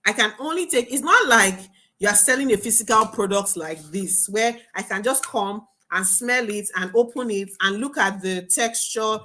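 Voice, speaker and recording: A young adult woman teaching a marketing webinar as a coach, talking in an animated, emphatic way. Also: medium pitch, moderate pace. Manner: animated, emphatic, laughs and acts out students' voices.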